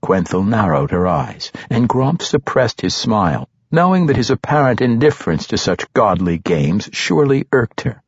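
A man narrating an audiobook fantasy novel in a measured, expressive storytelling manner. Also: lowish voice, slightly rough, no echo. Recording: dull lo-fi recording.

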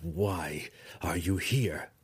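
A man voicing a grim male drow warrior who speaks slowly in a low growl. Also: slightly rough, dry recording, exaggerated voice. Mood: stern. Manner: low growl, slow and curt.

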